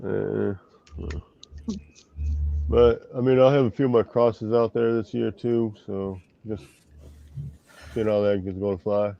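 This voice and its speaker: A man's voice: steady tone, a little slow, gravelly, long pauses, no room sound. Guest man, casual and unsure, dry dull sound. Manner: hesitant, low-key. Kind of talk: casual chat.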